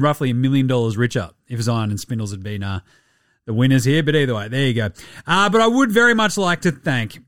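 A man's voice: mid-range voice, fairly bright tone, no echo, clean studio sound. An Australian man hosting a podcast, giving casual, sweary, mocking banter. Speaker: podcast host. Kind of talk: casual sports commentary.

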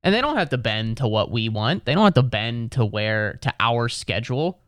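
A man's voice: medium pitch, expressive, normal speed, a bit bright, clear, resonant tone, no room sound, studio quality. A man doing a rambling, exasperated stand-up routine, swearing freely. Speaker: comedian. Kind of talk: stand-up comedy monologue.

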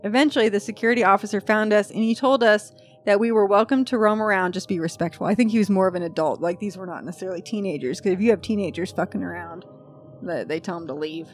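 A woman's voice: medium pitch, quick pace, soft background music. A woman hosting a podcast in casual chat, reading a post aloud with chatty, freely swearing asides. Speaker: podcast host.

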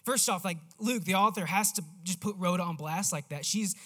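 A man preaching a sermon in a casual, animated storytelling manner. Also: high voice, brisk.

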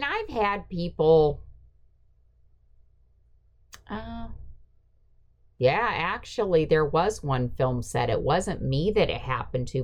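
Low-voiced woman, casual podcast host. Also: a little mellow. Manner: brief agreeing backchannels, blunt retelling.

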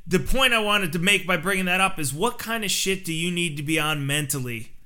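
An easygoing man hosts a casual podcast, musing aloud and laughing along. His voice is bright and sharp, pitched a touch high. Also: brisk, smooth. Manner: easygoing, reflective, laughs often. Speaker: podcast host.

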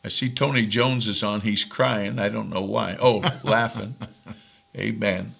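Slow gravelly older male minister. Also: on the low side, fairly even intonation, fairly bright tone. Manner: slow, gravelly, reads out viewers' names. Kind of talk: preaching and chatting on a live stream.

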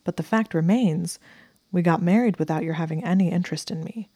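A woman's voice: on the low side, fairly quick, warm tone, husky, no room sound. A woman reading as Draco, a smug young wizard. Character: smug, devoted young male wizard husband.

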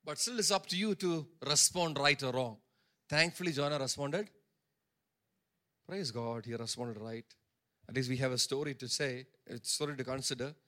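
A man's voice: mid-range voice, moderate pace, pushed and bright. A male pastor preaching a sermon, stressing points by repeating phrases and acting out the characters' words in his own voice. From India.

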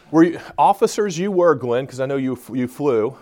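A man's voice: a little high, expressive, normal speed, few pauses, darkish tone. A man speaking at a conference in front of a live audience, joking and bantering with the people in the room.

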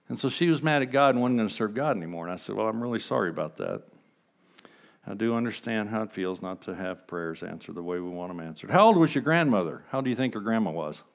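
Preaching to his congregation, this pastor uses a lowish voice and a conversational manner, throwing out rhetorical questions. He moves back and forth between quiet, hushed moments and emphatic ones.

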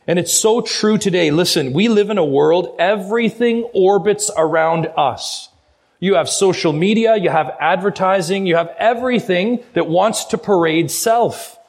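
A middle-aged man preaching a sermon as a guest pastor, earnest and urging, slowing down hard on key phrases. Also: high voice, gravelly. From Canada.

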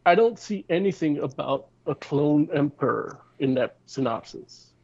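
A man's voice: fairly high pitch, lively intonation, unhurried, creaky, a little mellow, husky. A man hosting a podcast in casual chat, rambling and hesitant with lots of restarts. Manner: rambling, full of fillers and restarts. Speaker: podcast host. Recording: slightly dull lo-fi sound.

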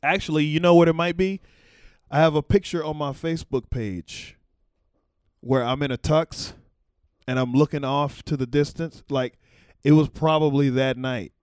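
A man's voice: a little high, moderate pace, a little mellow, smooth, no echo, studio quality. A man telling a loose, rambling story in casual chat, with profanity and laughing asides. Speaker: former White House camera operator.

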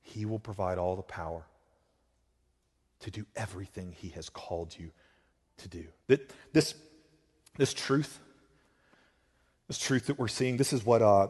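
A pastor preaching a sermon, swinging between loud emphatic lines and hushed ones. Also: male voice, lowish voice, measured pace, long pauses, slightly rough, in a large hall.

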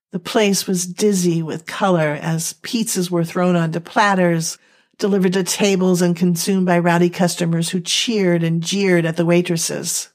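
A young woman reads a dramatic first-person story aloud. Her delivery is slow, emotional and halting, with a slightly low pitch. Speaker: narrator.

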